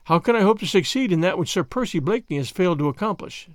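A shrewd middle-aged French spy, quiet and sarcastic, who flatters with mock gallantry, as a male narrator plays him. The delivery stays smooth and close, with a lively, rather high voice. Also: quick pace, no room sound. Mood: sly, sarcastic.

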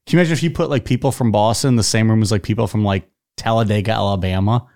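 A man's voice: lowish voice, very fast, a little mellow. A man with a southern Ohio accent co-hosting a podcast, rambling and laughing often in casual banter. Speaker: podcast co-host.

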